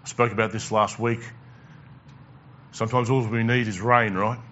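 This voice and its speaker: A man's voice: fairly low pitch, flat delivery, moderate pace, a bit bright, dull audio, a little hiss or hum. A male pastor preaching a conversational sermon, asking the congregation questions and repeating words as he goes.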